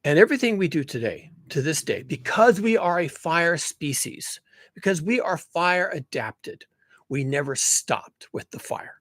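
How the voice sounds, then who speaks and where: A man's voice: a little high, very animated, measured pace, fairly bright tone, dry recording. A man giving a casual, emphatic monologue, rambling with restarts as he builds his points. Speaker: commentator on climate and human nature.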